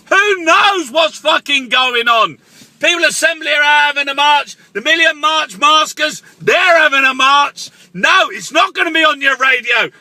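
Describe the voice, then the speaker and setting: A man in a furious political rant, his voice very high and piercingly bright. He shouts and swears constantly and keeps breaking off mid-sentence to start over. The sound is close and completely dry. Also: no room sound. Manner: shouting, swearing heavily, stumbling restarts.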